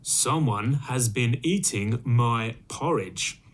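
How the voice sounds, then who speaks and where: Man as a great big father bear, slow, heavy, lively pitch, storybook. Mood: gruff.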